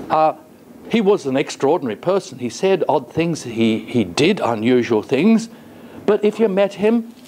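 Guy lecturing a class, kinda high voice, really lively up and down, lots of uh and rhetorical questions. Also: a little hiss or hum. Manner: thoughtful, with frequent hesitations. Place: college lecture room.

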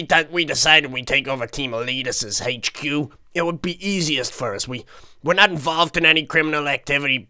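A man voicing a calm adult male bodyguard in a block-game role-play, reassuring and hesitant, often repeating words. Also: medium pitch.

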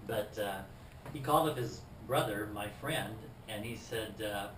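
A man telling a personal testimony story and acting out the scenes in a lively way. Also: lowish voice, unhurried, a little hiss or hum. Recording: roomy, distant mic.

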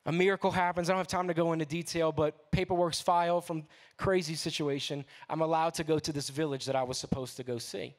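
A young man tells a testimony in a lively, slangy sermon. His voice sits a little high for a man, and he speaks easily, as if talking to friends from the stage. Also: fast talker, few pauses. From New Orleans, USA. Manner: casual, slangy, animated storytelling. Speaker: guest speaker.

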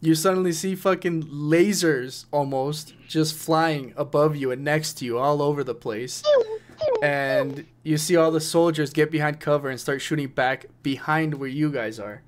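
A man's voice: a little high, normal speed, a little hiss or hum. Swearing, rambling game master guy. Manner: rambling, swearing, laughing at own narration. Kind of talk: narrating a tabletop game.

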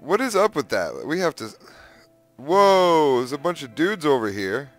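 A young man giving casual, excitable gameplay commentary, exclaiming and humming to himself. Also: on the high side, measured pace, faint music behind. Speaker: gaming youtuber.

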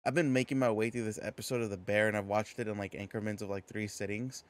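Chatty low-voiced male podcast host. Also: steady tone, fast. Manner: chatty, tangent-prone, filler-heavy. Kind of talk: casual podcast chat.

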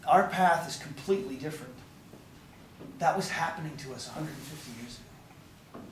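A slightly fast-talking, hoarse man guides a tour group outside, preaching his points with emphatic fervor in a worn voice pitched a bit high. The distant outdoor pickup is heavily echoey, with some faint background noise.

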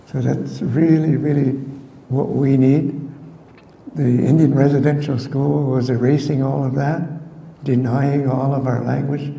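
Slow, gravelly older man in echoey hall. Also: medium pitch, mellow, slight background noise. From Canada. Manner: unhurried and conversational, with frequent restarts. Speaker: community elder giving a talk. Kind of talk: reflective public talk.

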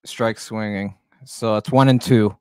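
Male amateur play-by-play streamer, smooth clear voice in a dry room, excitable and jokey. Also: on the low side, a little slow, no echo. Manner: excitable, jokey, swears, shouts on big plays. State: out of breath. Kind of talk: live amateur play-by-play commentary.

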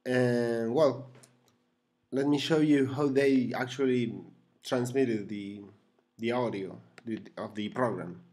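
A man for whom English is a second language talks unhurriedly at a middle pitch through a hobby computer project. He hesitates often, restarts his phrases and fills the gaps with ums. He chuckles softly to himself now and then. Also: steady tone, takes it slowly. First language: not English. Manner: hesitant, with many fillers and self-corrections. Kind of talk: casual screen-recorded walkthrough.

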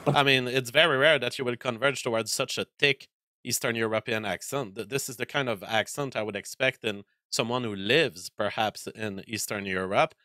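Male show host doing commentary. Forceful, bright tone, dry recording, deliberate and halting. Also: mid-range voice, no room sound. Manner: deliberate, hesitant, many fillers.

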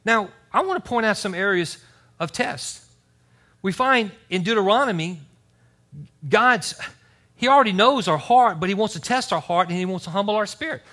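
Male pastor preaching a church sermon; bright, high, very lively voice with scripture readings and asides. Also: moderate pace. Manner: animated preaching, reads scripture aloud with asides. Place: church service.

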